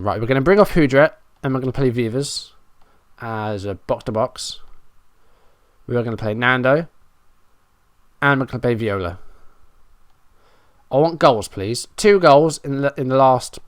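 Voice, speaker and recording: A man's voice: mid-range voice, no echo, studio quality. A man giving running play-by-play commentary on a football management game, frustrated and self-mocking. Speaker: gaming YouTuber.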